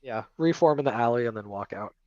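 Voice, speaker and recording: A man's voice: medium pitch, lively intonation, quick pace, darkish tone, dry recording. A man playing in a tabletop game, given to dry, wry remarks. His voice comes through a dull, lo-fi mic in a dead, dry space. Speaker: player.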